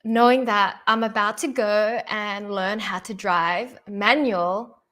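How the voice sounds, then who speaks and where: A young woman speaking softly at a peace summit, telling a personal relationship story in an unhurried, reflective way and laughing lightly between phrases. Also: medium pitch, fairly even intonation.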